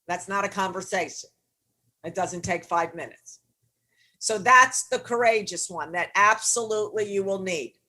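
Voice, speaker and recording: A woman's voice: medium pitch, moderate pace, pushed and bright. A middle-aged woman coaching on leadership, teaching in a blunt, emphatic way with casual swearing. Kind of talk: motivational teaching session.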